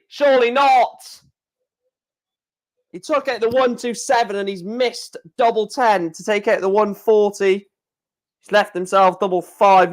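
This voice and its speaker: A man hosting a live darts watchalong, calling out scores in short bursts between chatty asides. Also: high voice. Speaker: stream host.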